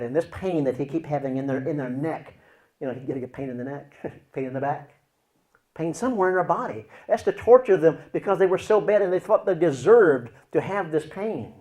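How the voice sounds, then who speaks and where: A man teaching as a Christian counselor, explaining with acted examples and swinging between loud and hushed delivery. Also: on the high side, lively intonation, brisk.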